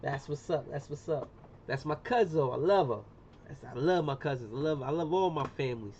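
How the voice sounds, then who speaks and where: A middle-aged man with a slightly high voice, talking loosely and full of slang as he walks his live viewers through a job. The sound is muffled and lo-fi, with a faint hiss of room noise behind him. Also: brisk, a little mellow. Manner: chatty, slangy, says "boom" often. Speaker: livestreamer doing laser engraving. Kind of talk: casual live-stream demonstration.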